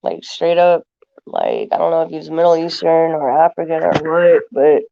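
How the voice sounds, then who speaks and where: A woman's voice: sits low, sing-song, normal speed, vocal fry, dark tone, dull audio. A woman streaming to her viewers, talking loosely and rambling, with lots of filler words as she answers chat. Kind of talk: casual rambling talk to viewers.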